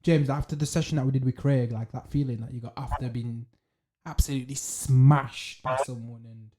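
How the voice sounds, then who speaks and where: A man hosting a podcast who talks in a reflective, measured way, with "you know" and "like" as fillers. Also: medium pitch, steady tone, noisy background. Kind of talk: casual podcast conversation.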